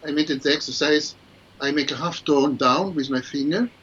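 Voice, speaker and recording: A man's voice: a little high, normal speed, fairly bright tone, breathy edge. A man, a guest oboist, explaining his practice technique in an online interview and singing syllables to demonstrate. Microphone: video call. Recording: muffled lo-fi online call with faint ambience.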